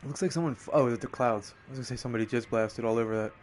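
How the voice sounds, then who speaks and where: A young man giving casual, profane live commentary on a racing game, excitable and often laughing. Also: mid-range voice, very fast, a little hiss or hum. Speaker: streamer.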